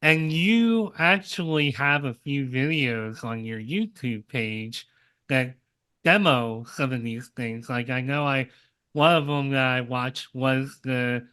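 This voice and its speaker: A man's voice: medium pitch, slow pace, bright, forceful tone, clear, resonant tone. A man hosting an interview, asking about the guest's videos with short remarks. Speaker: podcast host.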